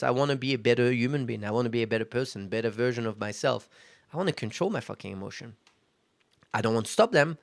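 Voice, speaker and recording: Gravelly-voiced man hosting a solo podcast. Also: mid-range voice, no echo, clean studio sound. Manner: conversational, self-reflective, frequent fillers. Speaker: podcast host. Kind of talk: casual solo podcast monologue.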